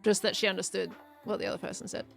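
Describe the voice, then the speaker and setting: Australian woman, young, casual streamer chat, fry in the voice, soft music behind. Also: medium pitch, little pitch movement. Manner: chatty, reading and answering chat, quick laughs. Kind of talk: casual live-stream chat while gaming.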